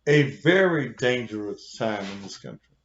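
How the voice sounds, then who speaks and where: A pastor with a medium-pitched, expressive voice unleashes a heated, confrontational rant laced with cursing at his online audience, taking his time as he goes. It's a profane livestream rant, captured with a roomy, dull, lo-fi sound.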